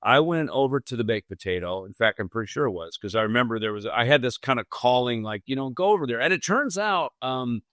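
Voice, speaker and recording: A man's voice: medium pitch, animated, fast, few pauses, a bit bright, dry recording. A man hosting a podcast, recounting a memory in a loose, rambling way full of "you know" asides. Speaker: podcast host. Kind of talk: casual conversational storytelling.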